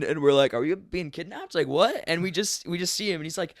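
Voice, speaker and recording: Animated young man telling a story. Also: a little high, fast talker, hardly any pauses, no echo, clean studio sound. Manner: animated, swearing, acts out quotes. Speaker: podcast guest. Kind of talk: casual storytelling.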